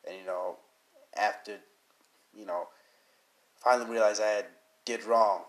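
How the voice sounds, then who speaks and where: Unhurried and fairly even in intonation, this man's lowish voice comes from his own solo podcast, which he's hosting while sick with a cold and in need of blowing his nose. He rambles casually, earnest and encouraging, filling his speech with fillers.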